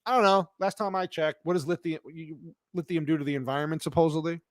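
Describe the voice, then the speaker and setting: A man's voice: a little high, steady tone, quick pace, dry recording, studio quality. A man hosting a casual live show, ranting bluntly and crankily with plenty of swearing while he answers his chat. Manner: cranky, blunt, profane rant. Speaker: streamer reading live chat.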